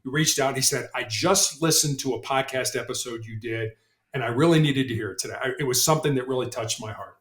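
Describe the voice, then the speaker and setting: A middle-aged motivational speaker appears as a podcast guest, telling stories earnestly in a conversational interview. His medium-pitched, slightly bright voice moves quickly, he often repeats words as he begins sentences, and the room gives off a noticeable echo.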